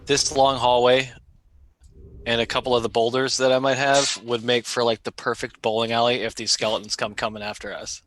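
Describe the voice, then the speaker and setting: A man's voice: mid-range voice, flat delivery, fairly quick, a bit bright, slight background noise. A man chatting casually as a player in a tabletop game, hesitant and full of fillers.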